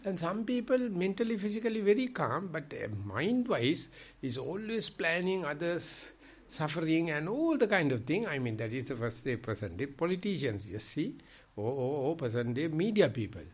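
This meditation teacher, a man, takes part in a dharma talk, narrating emphatically with wide swings in loudness and pitch. His voice carries a little roughness, and his speed is ordinary.

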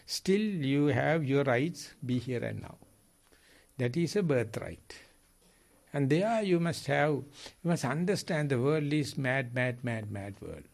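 A Buddhist monk gives a dharma talk. His voice sits a little high for a man, and his English stumbles and repeats as he searches for words. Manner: lively, halting non-native English with repeats.

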